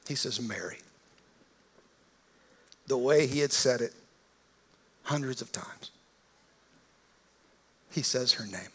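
A male pastor preaching an Easter sermon, telling the story dramatically and swinging from hushed, almost whispered lines to loud, impassioned ones. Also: medium pitch, slow pace, long pauses.

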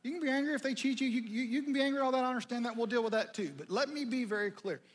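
Brief: middle-aged male pastor, dramatic sermon style, high voice with a husky grain. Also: very fast. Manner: conversational, dramatic, swinging from loud to near-whisper.

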